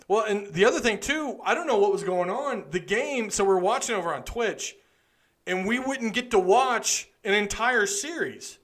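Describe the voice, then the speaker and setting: A tired man hosts a live postgame talk from home. His voice sits a bit high and his talk rambles as he chats with viewers. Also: lively intonation, moderate pace, fairly bright tone. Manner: chatty, rambling, talks to chat viewers. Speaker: podcast host.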